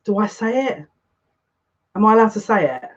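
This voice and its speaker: A psychic reads tarot live for viewers in an excitable, breathless rush. Sentences keep breaking off and restarting. The stream audio is dull and lo-fi. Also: medium pitch, normal speed.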